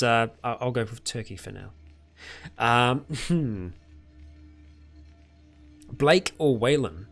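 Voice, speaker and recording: A British man hosting a casual live-stream Q&A, chuckling often as he answers chat questions in a relaxed, rambling way. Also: medium pitch.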